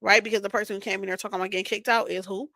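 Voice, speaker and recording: A woman's voice: mid-range voice, steady tone, rapid-fire, creaky, bright, forceful tone, no room sound. A woman recapping an online argument in a casual, profane, sarcastic rant, often checking in with "right?". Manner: combative, sarcastic, swears constantly. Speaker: vlogger.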